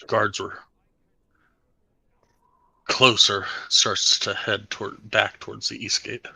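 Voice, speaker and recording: A man narrating as game master of a tabletop game, unhurried and halting with many fillers. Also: lowish voice, little pitch movement, gravelly, sharp tone, breathy edge, dry recording.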